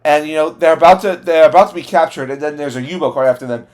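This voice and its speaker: A man's voice: on the high side, quick pace, darkish tone. A man giving a casual spoken movie review, enthusiastic and rambling, full of "like" and "you know" fillers and restarts.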